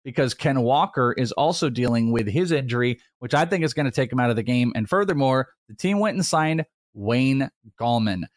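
A man's voice: medium pitch, dry recording. Dry-sounding man in casual football chat. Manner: rambling, animated, quick asides. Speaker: fantasy football podcast host.

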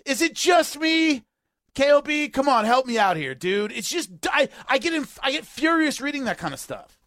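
A man hosting a sports talk radio show, ranting in an animated and exasperated way. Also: very high-pitched, moderate pace, no room sound, studio quality.

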